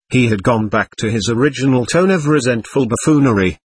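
An audiobook narrator reads a novel from a script in a measured, expressive way. His voice is mid-range and slightly rough.

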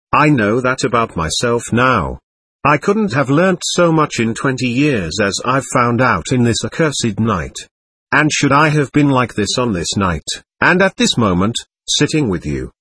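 A man's voice: mid-range voice, fairly bright tone, breathy edge, no echo, full character voice. A man reading the part of a proud, bitter young man under accusation who speaks in indignant outbursts.

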